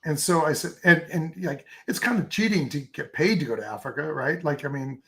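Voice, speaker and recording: This photographer guest speaks brisk and gravelly, his slightly high voice carrying a sharp tone. Chatting casually with an interviewer, he rambles enthusiastically through long stories, piling up fillers and restarting often.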